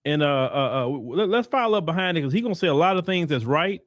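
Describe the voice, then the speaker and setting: A man's voice: fairly high pitch, lively intonation, fast, no echo, clean studio sound. A man with a Texan accent hosting a commentary monologue, emphatic and preachy, mocking the voices he quotes. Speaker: host.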